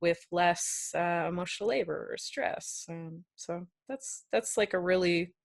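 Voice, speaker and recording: A woman kink educator speaking as a podcast guest. Her voice sits low with a lot of vocal fry. She talks thoughtfully and hedges often. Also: a little slow. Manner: thoughtful, hedging with fillers. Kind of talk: casual interview answer.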